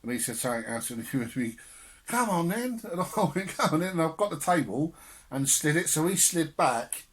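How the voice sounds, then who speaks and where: Podcast co-host, young man, raised pitch, chatty storyteller who laughs and swears a lot. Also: a little fast. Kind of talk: casual storytelling chat.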